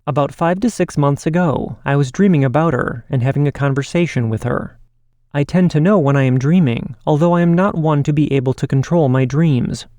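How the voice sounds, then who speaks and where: A man hosting a podcast and reading listener stories aloud in a steady, measured way. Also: on the high side, no room sound. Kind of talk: scripted podcast narration.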